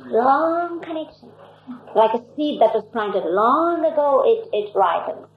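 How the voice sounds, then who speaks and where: Older woman with a higher voice. Recalls past stories haltingly. Tinny, echoey archive sound. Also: animated, slight background noise. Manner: halting, anecdotal, with many restarts. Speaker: storyteller recalling her past. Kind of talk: personal reminiscence.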